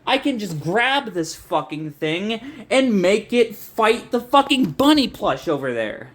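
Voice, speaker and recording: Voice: medium pitch, big pitch swings, slow pace. A young adult video essayist ranting in a frustrated, profane, rambling way, with many restarts. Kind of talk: ranting commentary.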